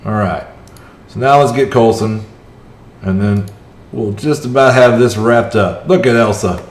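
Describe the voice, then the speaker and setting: This is live gameplay commentary from a man streaming a mobile strategy game, his voice on the low side and unhurried. He chats with his viewers, reacts aloud to the match, and walks through each move as it happens, all with a roomy echo.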